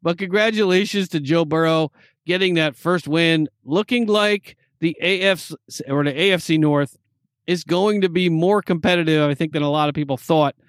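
A man with a fairly high voice co-hosts a casual football talk show. He reels off scores and stats in quick bursts and laughs easily. His voice sits close and dry on the mic. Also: dry recording. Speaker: podcast co-host. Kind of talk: casual sports chat.

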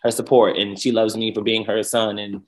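A man's voice: fairly low pitch, flat delivery, normal speed. A young man co-hosting a casual chat, telling a personal story with emotion and playful sass. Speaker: podcast co-host.

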